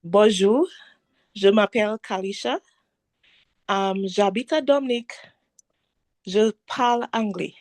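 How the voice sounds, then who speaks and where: A woman's voice: medium pitch, unhurried, pauses often, darkish tone, dry recording. A woman student confidently delivering a prepared self-introduction in a language class over a video call.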